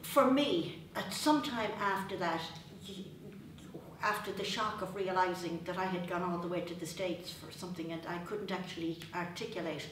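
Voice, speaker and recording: A woman's voice: on the low side, normal speed, a bit bright, slight background noise. A woman giving a reflective personal talk to an audience, chatty and searching, often quoting what others told her. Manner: conversational, searching, often quotes others and laughs at herself. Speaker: speaker at a spiritual talk. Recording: very echoey hall, voice far from mic.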